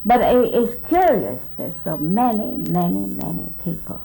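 Gravelly older woman telling old stories. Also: mid-range voice, expressive, normal speed, mellow, rough recording. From South Texas, USA. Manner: rambling storyteller, quoting others, many restarts. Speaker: oral history interviewee. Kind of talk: recorded reminiscence.

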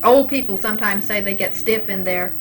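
A woman's voice: mid-range voice, a little fast, a bit bright, rough recording. A woman interviewer with a mid-range voice asks patient questions and leaves sentences open for the answer. A faint noise hangs under her voice. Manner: patient, prompting with unfinished sentences. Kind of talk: dialect survey interview.

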